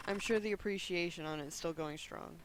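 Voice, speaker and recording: A man reading the lines of a gentle older father who soothes his grown daughter in a soft, reassuring way. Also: high-pitched, fairly quick, slight background noise, lightly acted, rough recording.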